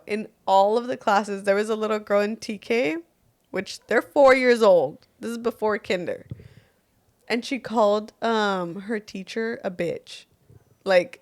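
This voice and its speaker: A young woman co-hosting a casual podcast, chatty and swearing, quoting her own reactions. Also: fairly high pitch. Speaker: podcast co-host. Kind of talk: casual chat.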